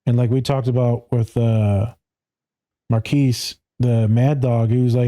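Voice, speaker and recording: A man's voice: medium pitch, fairly even intonation, measured pace, mellow. A man in his thirties, a therapist, talking casually on a podcast in a blunt, profane way and laughing often. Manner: blunt, profane, laughs often, does voices when quoting people.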